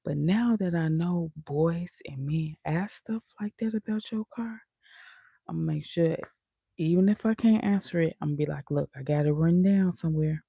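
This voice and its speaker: A woman's voice: low-pitched, moderate pace, gravelly, dark tone, husky, no echo, studio quality. A woman vlogger in casual live-stream chat, talking in a chatty, sassy way with laughing asides.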